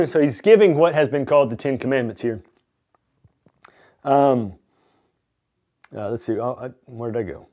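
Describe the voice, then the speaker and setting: A man's voice: medium pitch, normal speed, long pauses, warm tone. A male pastor with a Southern US accent reads Bible passages aloud and explains them in plain, unscripted words, with many ums and restarts. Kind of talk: bible reading and commentary.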